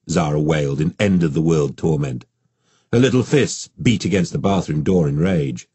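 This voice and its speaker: Man narrating an audiobook, deep husky voice, steady pace, dry close mic. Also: dry recording. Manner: measured, steady storytelling.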